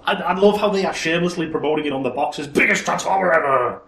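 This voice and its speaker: A man co-hosting a casual chat about toys, excitable and quick to laugh. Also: fairly high pitch, gravelly. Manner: excitable, laughs often, repeats words for fun. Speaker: podcast co-host. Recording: echoey room with faint hiss.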